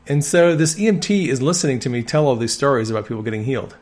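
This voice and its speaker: A man's voice: mid-range voice, lively intonation, fast talker, darkish tone. A man who works on an ambulance, preaching a sermon and telling personal healing testimonies with earnest conviction. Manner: earnest storytelling with firm conviction.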